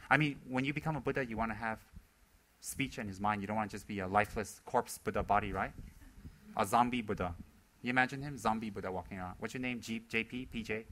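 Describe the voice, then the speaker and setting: A man's voice: mid-range voice, pushed and bright, low-quality recording. A man teaching Buddhism in a loose, conversational talk, repeating words for emphasis and acting out the people he quotes. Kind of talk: informal dharma talk.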